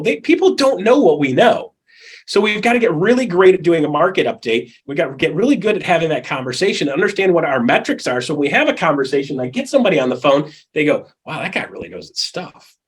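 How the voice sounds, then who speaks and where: A man with a high, husky voice coaches real estate agents with a lot of energy. He is middle-aged and keeps acting out clients and calls as he goes. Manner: animated, acts out quoted people and calls. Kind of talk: energetic coaching talk in an interview.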